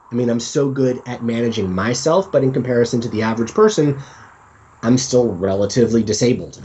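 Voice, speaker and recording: A man's voice: lowish voice, mellow, slightly rough. A man guesting on a podcast, talking candidly and with self-deprecating humor, sometimes acting out his own inner voice. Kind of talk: casual conversational interview. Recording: dull lo-fi sound.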